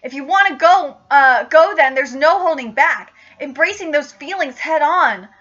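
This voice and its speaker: An earnest, determined teenage boy hero from a manga, read aloud by a woman. The voice is high and bright, and the resolute lines come through a dull lo-fi recording. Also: animated, normal speed.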